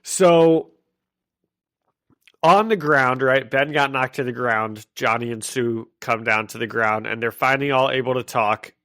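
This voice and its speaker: A man's voice: mid-range voice, a little slow, sharp tone. A man co-hosting a podcast, chatting casually as he recaps a comic, laughing often and restarting his sentences. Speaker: podcast co-host.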